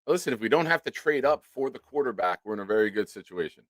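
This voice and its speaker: A man's voice: medium pitch, quick pace, dry recording. A man hosting a casual sports livestream, thanking supporters by name and swearing freely. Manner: animated, swears casually, reads out supporter names. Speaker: sports talk show host.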